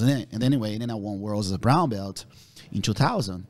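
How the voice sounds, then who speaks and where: A man, a podcast guest, telling animated stories with free swearing. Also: lowish voice, fast talker. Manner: animated, swears freely, relives the moment. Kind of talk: casual storytelling.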